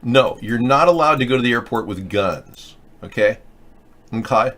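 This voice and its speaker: A man hosting a political commentary show, talking in a rambling, sarcastic way, mid-pitched. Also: expressive, normal speed, fairly bright tone. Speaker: host.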